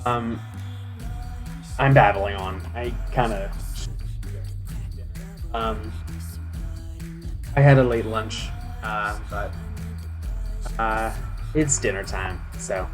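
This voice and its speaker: A man's voice: lowish voice, very slow, pauses often, faint music behind. A young man rambling on a live game stream, full of "um"s and restarts, joking about himself. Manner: chatty, self-mocking. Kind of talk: casual live-stream chat.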